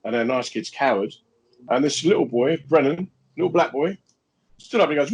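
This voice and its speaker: A man's voice: medium pitch, fairly quick, breathy edge, poor audio. A middle-aged man co-hosting a casual podcast, telling stories in a blunt, brash, joking way. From Irish background. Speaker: podcast co-host. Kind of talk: casual chat, storytelling.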